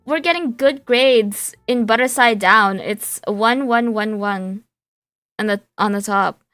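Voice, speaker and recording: A woman's voice: fairly high pitch, slow, a bit bright, clean tone, dry recording. A woman streaming a surreal game, reading its text aloud and chatting in a playful, rambling way. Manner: playful, rambling with fillers and restarts.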